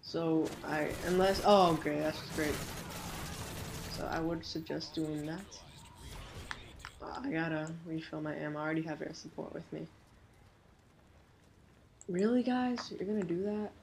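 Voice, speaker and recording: A woman with a notably deep voice for her sex talks over live gameplay, jumpy and excitable. She fires off quick exclamations and swaps swearing for silly made-up oaths. A faint hiss sits under her voice. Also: creaky. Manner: self-censoring, silly minced oaths. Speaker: gameplay commentator.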